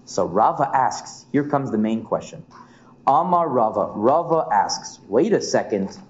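Animated rabbi teaching a Talmud class. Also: male voice, medium pitch, unhurried. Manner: animated, acts out the sages' questions in sing-song. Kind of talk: lively Talmud class lecture. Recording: muffled lo-fi classroom recording.

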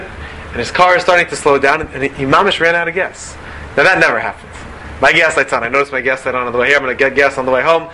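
A man delivers a lively Torah lecture, firing off rhetorical questions and sprinkling in Hebrew and Yiddish terms. His voice sits high and sounds bright and forceful. A faint hum of room ambience lies beneath him. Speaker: rabbi giving a Torah talk.

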